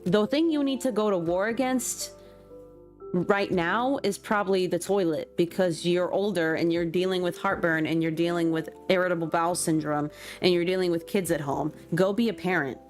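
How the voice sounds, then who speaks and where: A young woman streamer chatting casually with her live chat while playing a game, excitable and quick to laugh. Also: on the low side. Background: faint background music.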